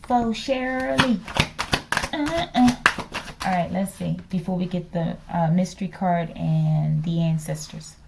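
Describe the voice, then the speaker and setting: A woman's voice: medium pitch, vocal fry, background noise. A woman giving a casual spiritual tarot reading in a chatty, teasing way, often ending lines with a questioning "okay?" and sometimes dropping to a whisper. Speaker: tarot reader.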